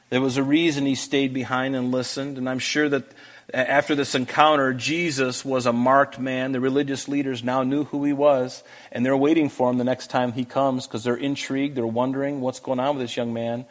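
A man giving a verse-by-verse Bible teaching and reading scripture aloud with emphatic rises. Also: mid-range voice.

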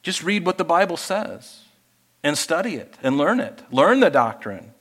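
A man preaching a sermon as pastor, lively and animated, acting out people he quotes. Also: moderate pace, slightly rough, big-room sound. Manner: animated, acts out quoted people in higher voices.

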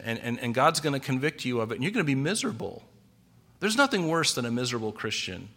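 A man preaching an expository sermon, animated and full of rhetorical questions. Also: a little high, a little fast. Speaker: pastor.

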